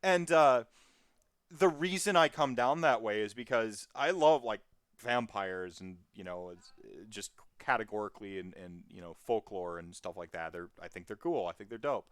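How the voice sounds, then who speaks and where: A podcast guest talking in a casual, rambling way, animated and full of tangents and fillers. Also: medium pitch, moderate pace, no room sound.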